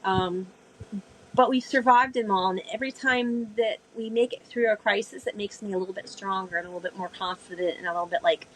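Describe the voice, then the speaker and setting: She's a sailor being interviewed, an animated storyteller who brings her story vividly to life by acting out the speech she quotes. Her voice is medium-pitched and brisk, captured on a rough recording.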